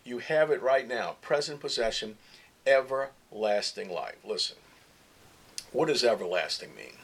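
A man's voice: medium pitch, lively intonation, a little slow. A man preaching a sermon, emphatic and repetitive, asking rhetorical questions and often restarting his sentences.

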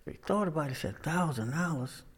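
A man's voice: on the high side, lively intonation, a little fast, breathy edge. A man preaching a sermon, opening with folksy joke-telling in loose, casual grammar.

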